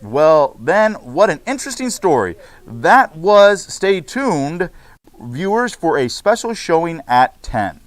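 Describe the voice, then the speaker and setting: A man's voice: fairly high pitch, sing-song, slow pace. A man voicing an eager male field reporter at a crime scene.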